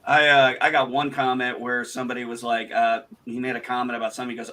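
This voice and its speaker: A man with a bright, forceful voice hosts a casual livestream chat. He tells stories with energy, swears freely, and performs his own comebacks. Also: mid-range voice, fast, a little hiss or hum. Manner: animated, swearing storyteller, acts out quoted retorts. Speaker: host.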